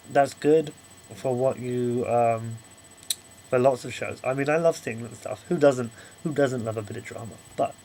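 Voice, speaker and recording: A man's voice: medium pitch, warm tone, a little hiss or hum, rough recording. A young man giving a casual video review, rambling and apologetic, often correcting himself.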